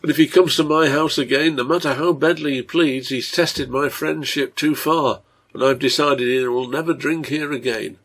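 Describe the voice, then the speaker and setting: A man voicing a hard, resentful male tavern keeper in a read-aloud story, with a husky, gravelly voice. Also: mid-range voice, moderate pace. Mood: angry. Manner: blunt, resentful.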